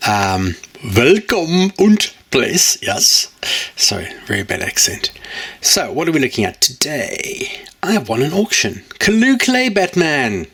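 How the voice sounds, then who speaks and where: A man's voice: mid-range voice, big pitch swings, normal speed, gravelly, bright, forceful tone, breathy edge. A man hosting his own channel in a casual chat to camera, rambling and jokey, often correcting himself mid-sentence. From United Kingdom. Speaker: channel host.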